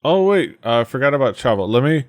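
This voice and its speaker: A man's voice: mid-range voice, big pitch swings, brisk. A man running a tabletop game as game master, narrating with many hesitations and restarts.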